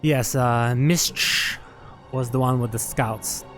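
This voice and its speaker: Faint music sits behind a man commentating a strategy game match live at a LAN event venue. His medium-pitched voice is a bit bright, fairly even, and slow. The esports commentator is chatty and analytical, with frequent laughter and fillers.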